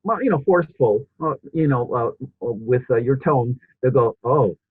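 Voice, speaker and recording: Husky man on a tinny phone line. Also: mid-range voice, animated, normal speed, no echo. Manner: rambling, many restarts and fillers. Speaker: podcast host. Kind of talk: casual interview chat.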